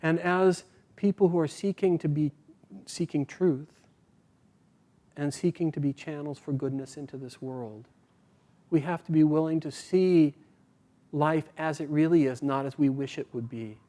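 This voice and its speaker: Brief: male speaker, slightly higher voice, gentle sermon storyteller, soft trailing endings. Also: measured pace, long pauses. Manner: voices the characters in dialogue. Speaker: speaker at a spiritual community.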